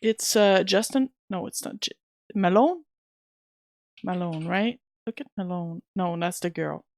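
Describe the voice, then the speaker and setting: Woman, game streamer, chatty, mid pitch, gravelly, dry close mic. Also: unhurried, a little mellow, no echo. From Canada. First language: French. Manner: chatty, answers chat questions as she plays. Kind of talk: casual gameplay commentary.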